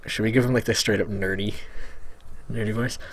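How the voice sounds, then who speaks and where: A man's voice: on the low side, fairly even intonation, fairly quick. A man casually reading a visual novel aloud, stumbling over words and adding joking asides. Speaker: Let's Play host.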